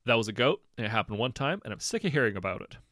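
A guy doing a high dramatic young prince, sulky and over the top, dry close sound. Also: sing-song, racing, a bit bright, dry recording. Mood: melodramatic. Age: 20s. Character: flamboyant, whiny young prince, melodramatic.

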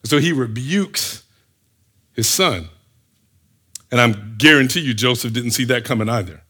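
Animated preacher man, lively pitch. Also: measured pace, long pauses, slightly rough. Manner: animated, fires rhetorical questions, acts out scenes. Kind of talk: sermon.

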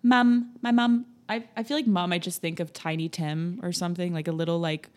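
Young woman host, lowish voice, chatty, giggly storyteller. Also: quick pace. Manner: giggly, rambling storyteller acting out quotes. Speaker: podcast host. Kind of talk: casual chat.

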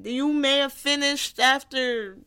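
A young woman from Gary, Indiana, hosting her own podcast in a brash, profane, teasing comedic monologue. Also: high-pitched. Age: young adult. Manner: brash, profane and animated, quick to tease. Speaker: podcast host.

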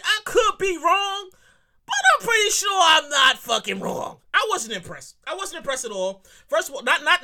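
A man hosting his own podcast in a casual, comedic monologue, repeating himself, swearing freely and breaking into high squeals of delight. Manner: animated, repetitive, profane, bursts into high squeals. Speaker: podcast host.

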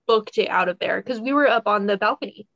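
A woman co-hosting a podcast, telling a story in a rambling, animated casual way and laughing as she goes. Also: mid-range voice, fast, gravelly, no echo, lo-fi sound. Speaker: podcast co-host.

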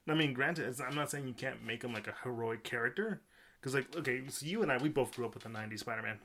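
A man's voice: mid-range voice, quick pace, pushed and bright, a little hiss or hum. A man co-hosting a casual podcast, rambling and often restarting his sentences. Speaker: podcast co-host. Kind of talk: casual chat.

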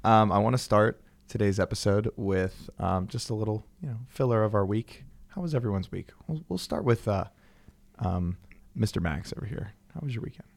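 A man's voice: on the low side, normal speed, vocal fry. A young man hosting a casual podcast chat, upbeat and joking, with lots of ums. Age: young adult. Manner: upbeat, joking, many fillers. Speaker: podcast host.

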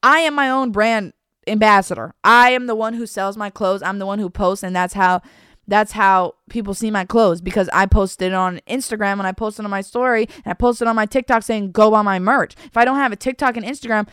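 A young podcast host with a medium-pitched, slightly bright, clean voice speaks fairly quickly in a casual, confessional conversation. She wanders, fills pauses, restarts often, and says "bro," with clean studio sound and no room sound.

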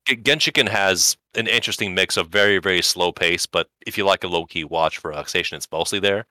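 A man with a low voice and a bright, crisp edge talks animatedly, swinging his pitch widely as he makes wry recommendations. He is co-hosting a casual chat podcast, and the sound is dry and close. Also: brisk, no room sound. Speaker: podcast co-host.

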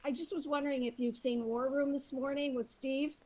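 Quiet, soft-spoken woman caller. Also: high voice, steady tone, fairly quick, a little hiss or hum. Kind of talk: casual phone-in chat.

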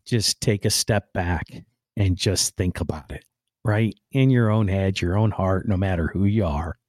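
Low-pitched and measured, this man's darkish voice carries a podcast host's rambling, blunt opinions, full of "man" and "right?" and casual cursing that he follows with apologies. There's no room sound, just a clean studio recording.

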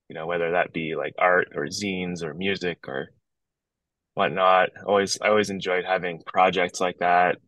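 A man from Northern Ontario, a guest musician on a podcast, talking outdoors in his yard over a video call, relaxed and rambling with frequent restarts. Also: low-pitched, no echo, poor audio. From Northern Ontario, Canada. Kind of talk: casual podcast chat.

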